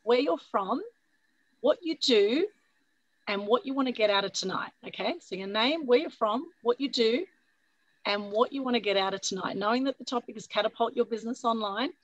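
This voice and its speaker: A woman with a husky voice hosting an online meetup, energetic and coaxing, often adding "right?" over a video call. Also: on the high side, fairly quick, no room sound, lo-fi sound. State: husky from a recent flu. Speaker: meetup host. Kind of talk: upbeat motivational talk on a video call.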